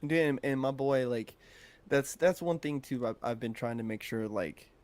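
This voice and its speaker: A man's voice: mid-range voice, normal speed, a little mellow. A man co-hosting a podcast, talking in a laid-back, casual way and swearing freely. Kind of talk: casual chat.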